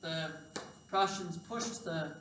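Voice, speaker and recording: A man's voice: fairly high pitch, slow, fairly bright tone. Tired casual man lecturing in an echoey hall. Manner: rambling, casual, swears and self-corrects. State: tired, sleep deprived. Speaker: history presenter. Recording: echoey hall, distant mic, faint hum.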